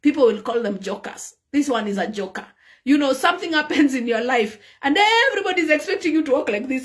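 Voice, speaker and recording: Kenyan lady pastor preaching, high voice, acts out little scenes. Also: quick pace. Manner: animated, mimics people in her stories. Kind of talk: sermon.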